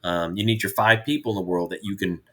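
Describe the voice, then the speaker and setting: Jovial middle-aged man, bright voice. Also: low voice, steady tone, fast talker. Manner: jovial storyteller, rambling with restarts. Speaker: podcast co-host, father. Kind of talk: casual chat.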